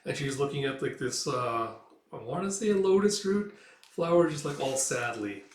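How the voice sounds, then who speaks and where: A man's voice: medium pitch, lively intonation, moderate pace. A man casually retelling a comic as a reader, rambling with lots of fillers. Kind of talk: casual comic read-through. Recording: roomy echo, mic far off.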